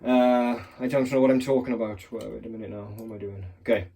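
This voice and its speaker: Quick and flat, his mid-range voice carries a dark tone as he demos lock picking for a clamped phone camera. The hobbyist rambles casually, cursing and making fun of himself.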